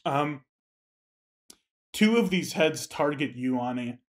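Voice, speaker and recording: A man's voice: a little high, animated, takes it slowly. A man narrating as game master of a tabletop game, with lots of fillers and restarts. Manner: loose, filler-heavy narration.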